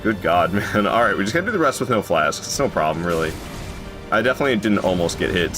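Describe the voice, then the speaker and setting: Man, game streamer, lowish voice, playful, loud sudden yelps, faint music behind. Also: fast. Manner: excitable, joking, jumps into high yelps when surprised. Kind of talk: casual live gameplay commentary.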